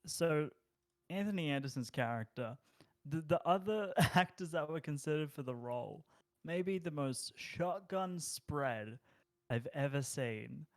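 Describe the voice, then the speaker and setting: A man's voice: fairly high pitch, lively intonation, a little slow. A man co-hosting a casual podcast chat, making dry, wry asides. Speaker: podcast co-host.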